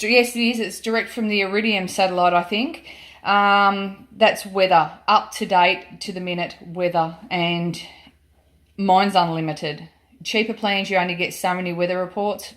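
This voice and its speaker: A woman's voice: medium pitch, a bit bright. An Australian woman vlogger chatting casually and emphatically through a product demonstration, with many ums. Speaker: gold prospecting vlogger.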